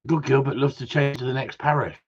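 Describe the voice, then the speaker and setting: A man's voice: medium pitch, fast, husky. A man hosting a casual live stream about gundogs, bantering, swearing and reading out viewer messages. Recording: dull lo-fi sound.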